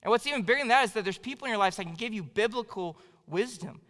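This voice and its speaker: A man's voice: high voice, expressive, fast, fairly bright tone. A young man preaching a sermon in a church, telling a self-mocking story in a casual, chatty way. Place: church sanctuary. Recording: long hall reverb.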